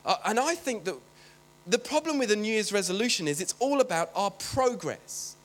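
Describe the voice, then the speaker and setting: A man's voice: high-pitched, lively intonation, normal speed, fairly bright tone. A man preaching a sermon in a chatty, joking way, often breaking off to talk to the congregation. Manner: chatty, joking, self-interrupting.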